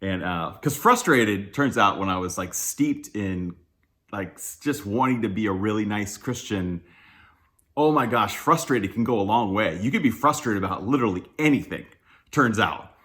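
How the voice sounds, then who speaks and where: A man's voice: fairly low pitch, animated, normal speed, a bit bright. A man giving a casual, conversational sermon, candid and self-deprecating, chuckling often and talking loosely with fillers and restarts. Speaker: church speaker.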